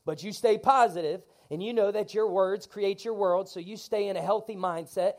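A man preaching an energetic sermon to his congregation in a church, leading call-and-response lines. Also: sits high, normal speed. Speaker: pastor.

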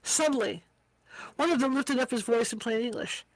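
A woman's voice: fairly high pitch, moderate pace, dry recording, rough recording. A woman reading a book aloud as an amateur reader, tripping over hard words and slipping in casual asides. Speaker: audiobook reader.

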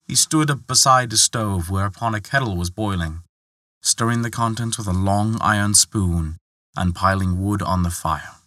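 A man narrating a folktale, reading in an expressive way and lifting his voice for the characters' lines. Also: normal speed, no room sound, studio quality. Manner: expressive, lifts pitch for quoted characters. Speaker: storyteller.

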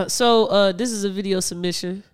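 A man hosts a casual podcast discussion and walks back through the story in a measured way. His voice is smooth and clear. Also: high-pitched, fairly even intonation. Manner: measured, recapping and summarizing. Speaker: podcast host.

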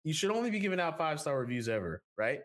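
A man co-hosting a podcast in casual chat, joking and rambling through ad reads with big swings in pitch. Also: big pitch swings, racing, a bit bright. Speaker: podcast co-host.

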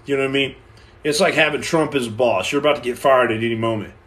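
A man from the United States hosting a live stream, joking with viewers and reading their questions, animated and playful, acting out little scenes, stammering and restarting as he goes. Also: medium pitch, fast talker. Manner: animated and playful, acts out scenes and repeats himself. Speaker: livestream host answering viewer questions.

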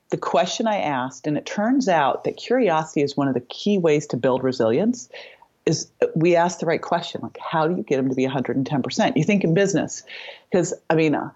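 A woman's voice: sits low, darkish tone, breathy edge, muffled recording. A middle-aged woman guest on an interview show, telling a personal story vividly and acting out the dialogue. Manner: vivid storyteller who acts out quoted dialogue. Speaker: podcast guest.

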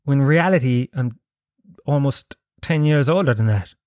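A man's voice: medium pitch, normal speed, a little mellow, no room sound, clean studio sound. A man in his thirties with a Dublin Irish accent, hosting a casual solo podcast from his sitting room in a rambling, sweary, self-mocking way. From Ireland. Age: 30s. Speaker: podcast host.

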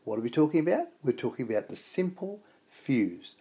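A man's voice: medium pitch, big pitch swings, brisk, dark tone, slightly rough. A man hosting a weekly radio show in an enthusiastic, emphatic, casual way. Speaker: radio host.

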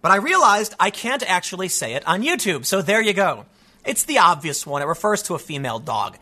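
A man's voice: high-pitched, fairly quick. A man hosting an online show, giving emphatic, opinionated solo commentary. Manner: emphatic, animated, acts out quoted voices.

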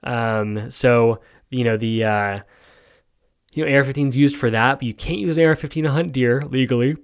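A man's voice: medium pitch, moderate pace, clean tone. A man from New York hosting a solo podcast, talking casually with many ums and restarts while yawning and sleepy. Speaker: podcast host.

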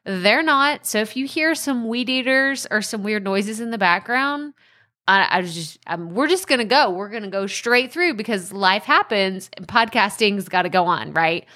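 A woman's voice: medium pitch, lively intonation, normal speed, pushed and bright. A young adult woman with an East Texas accent, hosting a casual solo podcast from her home, bubbly and chatty. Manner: bubbly and chatty, laughs often. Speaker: podcast host. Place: home room by a window.

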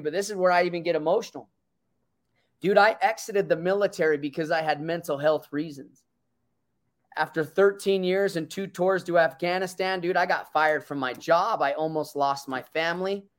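Man, 30s, slightly high voice, earnest personal story, casual slang. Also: a bit bright. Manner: earnest, fillers like dude and bro. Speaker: co-host.

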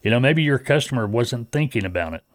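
Male podcast host, folksy rambling delivery, mid-pitched, dry close sound. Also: lively intonation, fast talker, no echo. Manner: rambling, folksy, many fillers and restarts. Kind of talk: casual podcast talk.

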